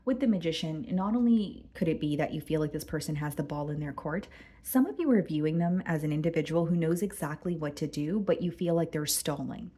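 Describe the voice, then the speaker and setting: A woman giving a casual tarot reading to her viewers, chatty and full of fillers, a bit hoarse and clearing her throat. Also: deep voice, expressive, a little fast, dark tone. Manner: chatty, addresses viewers as guys, many fillers. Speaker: tarot reader.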